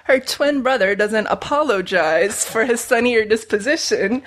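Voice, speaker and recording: A woman's voice: fairly high pitch, measured pace. A woman reading out her own pun poem in a casual chat, laughing at her own puns.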